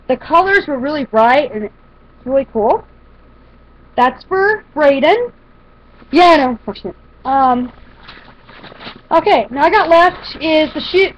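Woman, high voice, rambling casual haul chat, fillers and restarts, dull lo-fi home video sound. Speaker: vlogger showing a shopping haul.

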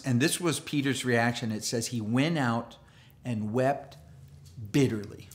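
Animated man preaching a sermon. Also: mid-range voice, a little slow. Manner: animated, acts out quoted voices, laughs often. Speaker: pastor. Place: church.

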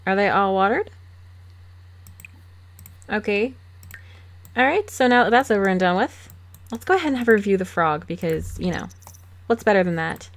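A woman hosting a game let's play, chatting casually with quick laughs and sarcastic asides, recorded on a desk microphone at home. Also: mid-range voice, expressive. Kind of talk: casual gameplay commentary.

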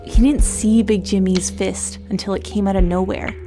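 A woman giving a measured, dramatic scripted podcast narration. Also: mid-range voice, fairly even intonation. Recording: podcast narration over music.

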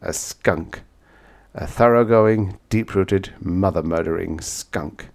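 A man's voice: deep voice, slow, creaky, a little mellow. A man narrating a vintage science fiction audiobook in the first person, with dramatic, intense storytelling.

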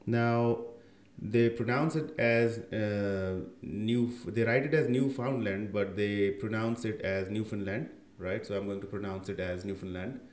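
A young man hosting an education channel talks a little slowly in a steady, lowish voice as he works through a screen-share tutorial. He's casual and conversational, using many fillers and asking "right?" often.

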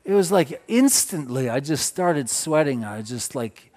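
Preacher, loud then hushed. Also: male voice, a little high, expressive, unhurried. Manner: swings from loud exclamations to hushed storytelling. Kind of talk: sermon storytelling.

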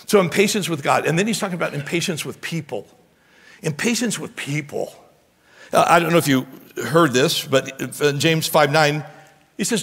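A man pastor preaching a sermon in an animated way, often stammering and restarting his words. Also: a little high, normal speed, breathy edge. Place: church sanctuary. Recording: long church hall reverb.

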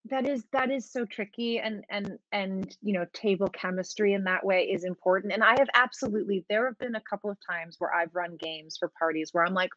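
A woman's voice: medium pitch, brisk, few pauses, a bit bright, dry recording, highs cut off. A woman game master chatting casually about running her campaign, laughing often and restarting her sentences. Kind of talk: casual talk-show chat.

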